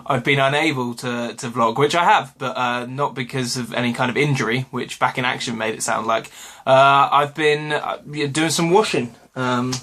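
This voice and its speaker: British man, bright clear voice, rambling casual vlog, lots of ums, home room. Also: mid-range voice. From Britain. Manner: rambling, self-correcting, lots of ums and uhs. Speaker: vlogger. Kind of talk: casual episode review vlog. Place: home room with washing hung behind.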